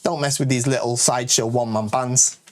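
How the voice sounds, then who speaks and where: A kendo channel host and shop owner with a northern English accent rants casually to camera in a jokey Q&A video, promoting himself and often tagging lines with "all right?". His mid-range voice is a little mellow, fairly quick, and fairly even in intonation.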